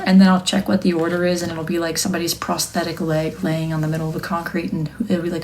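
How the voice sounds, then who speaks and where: A young woman, a wood-burning artist, chatting casually on a live stream, joking and now and then dropping into a soft near-whisper. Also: lowish voice, steady tone, rapid-fire, hardly any pauses, slight background noise.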